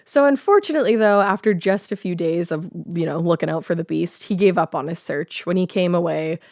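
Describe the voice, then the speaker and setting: Gravelly woman telling a podcast story. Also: fairly low pitch, a little fast, a little mellow, no echo, clean studio sound. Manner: laughing, reading quotes, riffing. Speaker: podcast co-host telling a true-crime style story. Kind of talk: casual storytelling chat.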